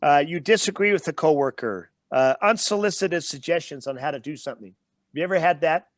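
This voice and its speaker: A man's voice: on the high side, fairly quick, no echo. A man as the guest speaker and trainer in an interview, explaining with everyday examples and stopping to check in with the listener.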